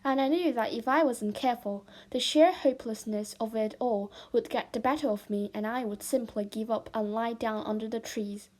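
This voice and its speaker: A woman reads a children's novel aloud in a fairly high voice. Her storytelling is slow and expressive. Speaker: storybook reader.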